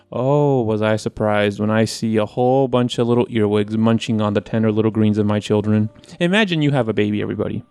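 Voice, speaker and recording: A man co-hosting a casual podcast, telling stories in an animated, profane way and acting out his own quotes. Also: lowish voice, fast talker, few pauses, clear, resonant tone, no room sound. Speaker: podcast co-host, wine presenter. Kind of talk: casual chat.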